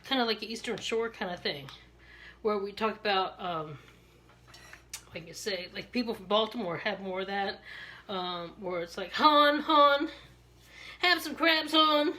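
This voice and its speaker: A beauty vlogger from Maryland, USA, chats casually while styling her hair, rambling and laughing often in her Maryland accent. Her voice is mid-range with a fairly bright tone, and she speaks at a normal speed with frequent pauses.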